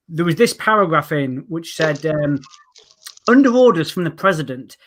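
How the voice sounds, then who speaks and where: A young man speaks in a slightly raised voice. His jokes come dry and self-mocking. He is a comedian trading bits in a relaxed podcast conversation. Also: a little high, slight background noise. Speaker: comedian guest. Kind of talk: casual chat with comic bits.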